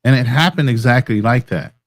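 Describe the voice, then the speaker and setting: A man co-hosting a podcast, calmly explaining a guest's story in casual discussion. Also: medium pitch, fairly quick, no echo. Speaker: podcast co-host.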